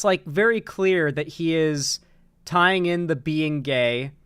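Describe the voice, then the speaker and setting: A man with a fairly high voice talks straight into a dry, close mic, hosting a loose online commentary show. He rambles and restarts his sentences often, swearing casually as he goes. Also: fairly bright tone, smooth, no room sound. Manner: rambling, many restarts and fillers, swears freely. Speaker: political commentary host.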